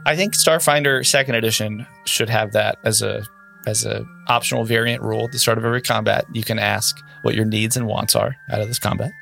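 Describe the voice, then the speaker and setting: A man acting as game master, chatting casually with players and narrating the scene slowly and dramatically. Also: lowish voice, steady tone, gravelly, pushed and bright, faint music behind. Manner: slow, deliberate dramatic narration.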